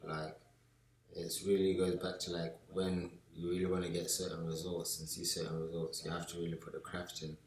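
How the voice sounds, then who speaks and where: A young man talks in a low, deep voice, loose and full of slang. He gets lively when he acts out his friends. The room around him is echoey. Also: a little fast, slight background noise. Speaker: podcast co-host. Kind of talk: casual chat.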